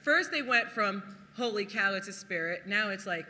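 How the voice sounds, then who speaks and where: A preacher giving a sermon and reading scripture aloud. The preacher talks in an animated way, laughs often, and acts out quotes in other voices. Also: mid-range voice, moderate pace, long reverb tail, slight background noise.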